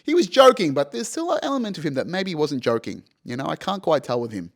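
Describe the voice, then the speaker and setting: A man's voice: fairly high pitch, big pitch swings, fast talker, creaky. A young man hosting a podcast, telling a personal story casually and animatedly, swearing freely and saying "you know" and "right" often. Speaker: podcast host.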